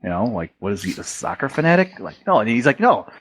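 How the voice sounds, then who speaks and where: Male podcast guest, American, mid-pitched voice, loose, profane storyteller acting out what friends said. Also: very animated, quick pace, creaky, fairly bright tone, breathy edge. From United States. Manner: rambling, profane, retells dialogue with quoted voices. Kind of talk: casual storytelling.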